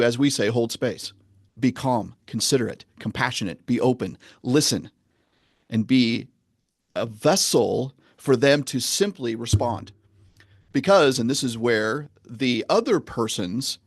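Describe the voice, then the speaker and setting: A men's coach, appearing as a podcast interview guest, teaches a lesson in a middle-pitched voice, measured and earnest, slowing down to press his points. The recording is close and dry with no room sound.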